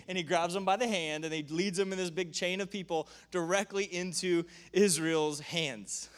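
A high-voiced man preaching a sermon, retelling stories with animated energy. He laughs often and breaks into quick asides between the big moments.

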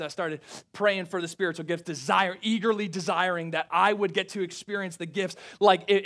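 High, bright-voiced young preacher telling a story. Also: male voice. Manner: animated, acts out family dialogue with big pitch swings; drops to quiet, intense tones for reflective moments. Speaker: pastor. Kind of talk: sermon storytelling.

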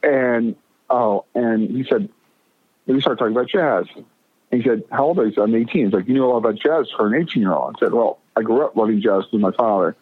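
A man's voice: mid-range voice, fast, no room sound. A middle-aged man rambles through a long story, stumbling over restarts and acting out what people said. His voice comes down a thin, tinny phone line into a dry, close sound. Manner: rambling, stammering restarts, animated retelling of quotes. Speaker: guest. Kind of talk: casual storytelling.

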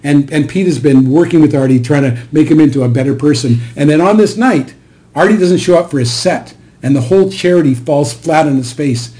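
A man's voice: fairly high pitch, fairly quick. A middle-aged man co-hosting a podcast, retelling a show scene in casual conversation and acting out the quoted lines. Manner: animated storyteller, acts out quoted lines. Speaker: podcast co-host.

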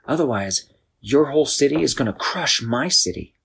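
A man's voice: mid-range voice, animated, normal speed, gravelly, a bit bright, husky, pitched above the performer's own voice, heavily acted. A man voicing an urgent earnest girl.

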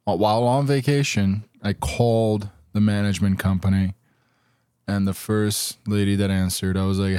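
Blunt, swearing man with a low voice. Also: steady tone, normal speed, mellow, smooth, dry recording, studio quality. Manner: profane, blunt, combative. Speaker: podcast co-host. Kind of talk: casual chat.

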